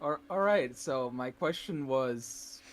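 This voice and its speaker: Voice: mid-range voice, lively intonation, takes it slowly. A tabletop game player who speaks eagerly, restarting sentences and laughing often. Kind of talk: casual tabletop game banter.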